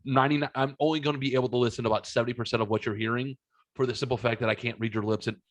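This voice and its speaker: A man's voice: medium pitch, steady tone, racing. Man rambling through a profane story. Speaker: podcast host. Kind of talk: casual chat.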